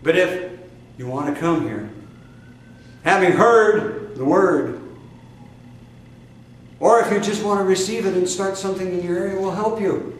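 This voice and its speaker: Fiery older Midwestern preacher, echoey. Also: male voice, high voice. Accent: Midwestern American. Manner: fiery, emphatic preaching with sudden loud outbursts and drawn-out stresses. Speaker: spiritual teacher. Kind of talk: sermon. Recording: echoey distant room recording with faint noise.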